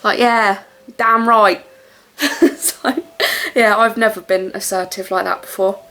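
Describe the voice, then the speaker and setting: A woman's voice: mid-range voice, steady tone, slow, sharp tone. A young woman chatting casually to camera at home, rambling with lots of fillers. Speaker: vlogger.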